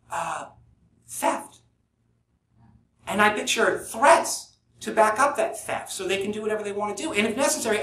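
A man's voice: high voice, bright, forceful tone. A man giving a live talk at a forum, earnest and thinking aloud with restarts. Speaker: podcast host giving a talk. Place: conference room at a forum. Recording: echoey room, distant mic, faint hiss.

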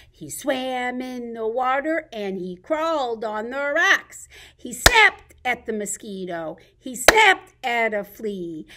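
A woman working as a children's librarian, reading picture books and turtle rhymes to babies in an animated, sing-song way. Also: fairly high pitch, heavy background noise.

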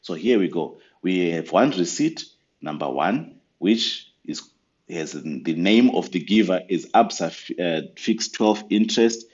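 A man giving a patient step-by-step software tutorial over a screen recording. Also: deep voice, lively intonation, unhurried, lo-fi sound. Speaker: software trainer.

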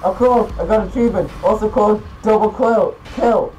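A teenage boy giving gameplay commentary, excitable and quick to swear and yell at the game. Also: sits high, highs cut off, slight background noise. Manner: excitable, swearing, yelling outbursts. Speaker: gaming YouTuber.

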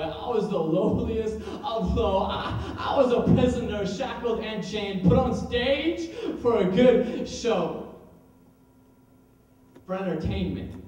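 A young man with a high voice performs a spoken word poem, taking his time and swinging between hushed lines and loud ones. The mic sits well away from him, and the very echoey room rings around every word. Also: far from the mic.

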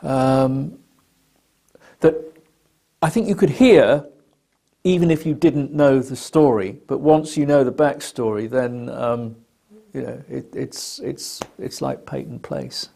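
A man with a gravelly, husky voice giving documentary commentary on music. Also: mid-range voice, takes it slowly, dark tone.

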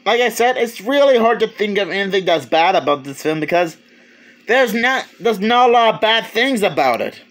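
A man with a notably high voice talks through a movie review in a casual, unscripted way. He stumbles, restarts phrases and chuckles as he goes. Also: animated, a bit bright. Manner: rambling, halting, many restarts, chuckles.

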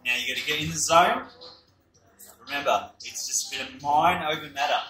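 An Australian man hosting a chilli challenge, talking loud and cheering his mates on with whoops. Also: fairly high pitch, a little fast, a little hiss or hum. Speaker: host of a chilli review channel. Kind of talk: casual hype chat during a chilli challenge. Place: indoor onsite workplace. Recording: roomy sound from a distance.

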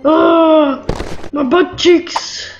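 A woman voicing a boastful male giant titan in comic bluster, shouting threats. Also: sits high, fairly even intonation, very slow, dull audio, faint music behind, voice pushed up.

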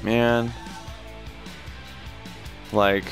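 A young man talks over his game in a low, slow, laid-back voice, swearing freely and flaring into angry rants at bad plays. Game music plays clearly behind him. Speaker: gaming commentator. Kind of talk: casual gameplay commentary.

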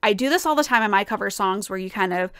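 A woman's voice: medium pitch, animated, fast talker, fairly bright tone, clean tone, no room sound, studio quality. A woman musician casually and enthusiastically analyzing a song as she reacts to it. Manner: enthusiastic, explanatory.

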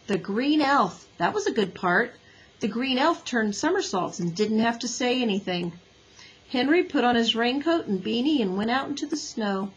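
Breathy woman reading a kids chapter book aloud, soft and husky, calm storytelling. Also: fairly high pitch, moderate pace, rough recording. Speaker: audiobook reader. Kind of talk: children's book narration.

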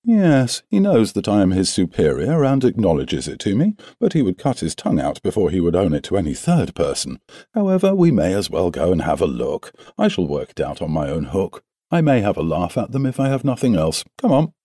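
A man voicing a cool, self-assured male detective in an audiobook, speaking crisply with a lightly mocking edge. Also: low voice, wildly swooping pitch, brisk, dark tone, no room sound, studio quality, full character voice. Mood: brisk. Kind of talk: audiobook character reading.

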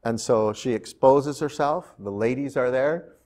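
A male pastor giving a sermon in an animated, conversational storytelling manner. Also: medium pitch, measured pace. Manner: animated, conversational, slips into character voices.

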